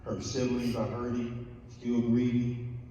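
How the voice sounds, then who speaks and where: A middle-aged man speaking haltingly and plainly to students at a school assembly. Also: medium pitch, flat delivery, warm tone, lo-fi sound, slight background noise. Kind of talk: spoken talk to students. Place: large school hall. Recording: echoey hall recorded from far off.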